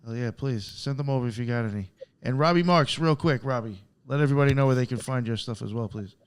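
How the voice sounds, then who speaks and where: A man's voice: medium pitch, clean tone. Polite man hosting a podcast wrap-up. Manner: brisk, polite, directing turns. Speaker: podcast host. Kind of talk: wrapping up a podcast.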